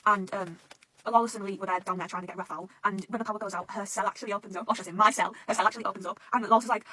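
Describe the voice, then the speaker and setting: A young woman chatting casually about a manga she is reacting to, gushing, excitable and swearing a lot. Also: medium pitch, rapid-fire, breathy edge, dry recording, poor audio. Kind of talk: casual fan reaction chat.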